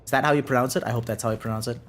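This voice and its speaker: A man's voice: mid-range voice, steady tone, rapid-fire, fairly bright tone, a little hiss or hum. Chatty German-accented man streaming. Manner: rambling, chatty, frequent "right?" tags. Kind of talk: casual live-stream chat while gaming.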